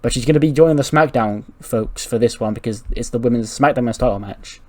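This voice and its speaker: A man's voice: medium pitch, fast, darkish tone. A man hosting a gaming channel, narrating a let's-play in a rambling, casual way, swearing freely and laughing.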